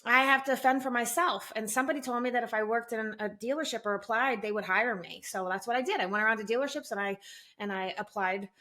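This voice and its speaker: A woman in her forties tells her story as a podcast guest. Her voice is bright and clear, and she talks in a lively way, slipping into higher voices whenever she quotes someone. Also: fast talker. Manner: animated, acts out quotes in raised voice. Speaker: guest, sales training company president. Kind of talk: candid storytelling interview.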